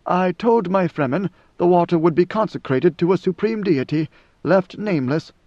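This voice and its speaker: A man reading an audiobook and voicing an ancient godlike male emperor who speaks slowly and gravely. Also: high voice, a little mellow, no echo, pitched above the performer's own voice. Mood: solemn. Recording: dull lo-fi dry recording.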